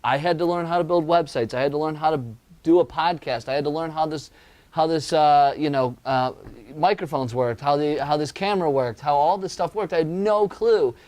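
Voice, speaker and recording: A man's voice: fairly high pitch, a little fast, a little mellow. A young man co-hosting a podcast, talking casually and rambling through thoughts with lots of "like" and laughs. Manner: rambling, many fillers and restarts, laughs easily. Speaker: podcast co-host.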